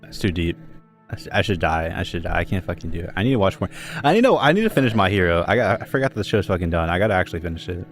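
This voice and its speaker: Giggly low-voiced man joking with a friend. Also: lively intonation, soft background music. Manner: joking, giggly, quick to laugh. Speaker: streamer. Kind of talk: casual chat between friends.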